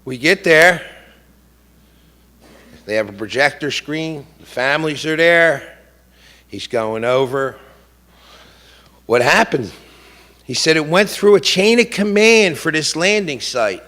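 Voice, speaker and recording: Middle-aged grieving father at a podium, impassioned and forceful, keeps asking "you know?". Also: fairly high pitch, animated, slow pace, long pauses. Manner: emotional and indignant, repeats "you know?". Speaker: bereaved father speaking at a press conference. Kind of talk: impassioned public statement. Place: press club conference room.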